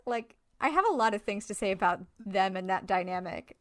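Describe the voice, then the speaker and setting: Animated woman film-podcast co-host. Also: medium pitch, fairly quick, dry recording, studio quality. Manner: animated, frustrated critique with frequent "like" fillers. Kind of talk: casual film discussion.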